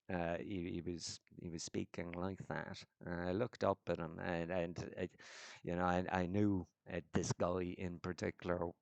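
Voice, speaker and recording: Gravelly deep man ranting. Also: no room sound. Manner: sardonic, sweary, halting with restarts. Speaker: vlogger. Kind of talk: casual profane rant.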